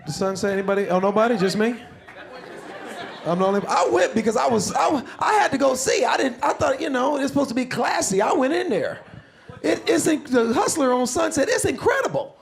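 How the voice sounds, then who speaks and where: A middle-aged male comedian doing a loud, animated stand-up set on a club stage, shouting punchlines. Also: extremely high pitch, brisk, vocal fry. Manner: loud, animated delivery with frequent laughs and shouts. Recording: live club with crowd and noise.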